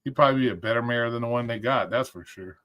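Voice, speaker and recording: A man's voice: medium pitch, quick pace, fairly bright tone. A man hosting a livestream, talking casually and ranting with lots of swearing as he checks his likes and picks videos. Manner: rambling, profane, ranting. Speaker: livestream host.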